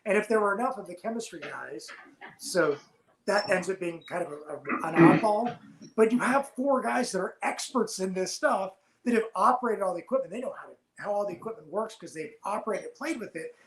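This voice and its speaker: A man, a former submarine officer, telling lively stories as a podcast guest and laughing often. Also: high-pitched, a little fast, reverberant, low-quality recording. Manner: animated storyteller, laughs while telling. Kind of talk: storytelling in casual podcast chat.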